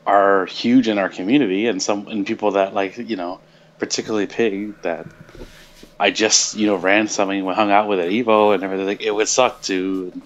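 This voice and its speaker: Deep voiced guy, hedges a lot, kinda muffled lo-fi mic. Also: fairly even intonation, a little hiss or hum. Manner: hesitant, measured, lots of hedging. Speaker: co-host. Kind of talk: casual stream talk.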